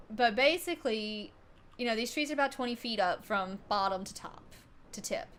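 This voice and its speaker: A woman's voice: medium pitch, fairly bright tone, a little hiss or hum. A woman livestreamer casually telling a story to her chat, swearing freely and laughing often.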